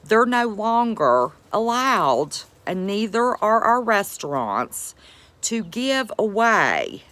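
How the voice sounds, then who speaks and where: A woman's voice: medium pitch, big pitch swings, takes it slowly, a bit bright, no echo. A woman with an Appalachian accent, chatting folksily to viewers on a homestead live stream. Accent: Appalachian American. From West Virginia. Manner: folksy, chatty, calls viewers sweetheart and buddy. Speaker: homestead vlogger greeting live chat. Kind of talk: casual live-stream chat.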